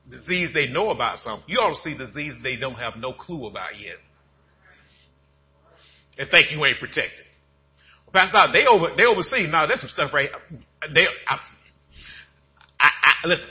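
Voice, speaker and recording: A man pastor preaching a sermon in a folksy, conversational way, dropping to low murmurs and then building to shouted bursts. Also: breathy edge, muffled recording.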